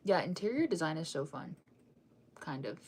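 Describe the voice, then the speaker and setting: A woman's voice: low-pitched, very animated, normal speed, a little mellow, slight background noise. A young woman hosting a casual fan news chat, rambling with lots of fillers and restarts while she keeps yawning and sighing.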